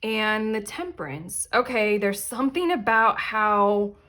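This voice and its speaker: A young adult woman hosting a casual tarot reading, chatty and animated, often breaking into laughter. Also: medium pitch, a little slow. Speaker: tarot reader and channel host.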